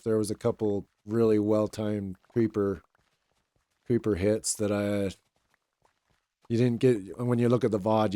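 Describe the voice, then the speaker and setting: A young man streaming and chatting casually with viewers in a relaxed, rambling way, his voice a little raw today. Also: lowish voice, no echo. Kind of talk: casual live-stream chat.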